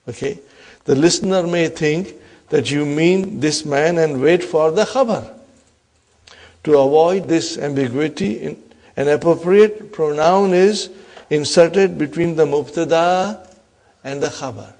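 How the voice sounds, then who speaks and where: A man with a fairly high voice teaching a grammar lesson to a class. He reads example sentences slowly, repeats key terms, and keeps asking the room whether they follow. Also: darkish tone. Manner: checks understanding with frequent questions.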